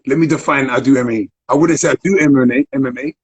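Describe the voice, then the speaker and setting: A man's voice: mid-range voice, fast talker, husky, poor audio. A man, an MMA fighter and dog trainer, talking in a laid-back way on a video call, repeating himself and checking you follow. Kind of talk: casual video call chat. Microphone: phone on video call.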